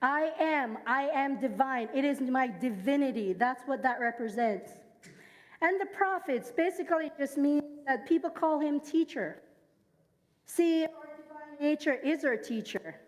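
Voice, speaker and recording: A woman's voice: high voice, animated, a little slow, long reverb tail. A woman from Jamaica with a Jamaican accent, giving a sermon at a church service. She shares personal stories and has the congregation repeat lines after her. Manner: engages the congregation, asks them to repeat lines; personal storytelling.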